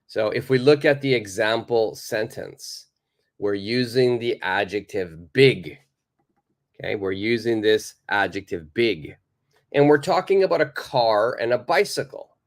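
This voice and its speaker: Slow, lively-voiced male English teacher. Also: medium pitch. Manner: slow, explaining patiently with many repeats; reads out and answers viewer questions. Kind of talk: live online lesson.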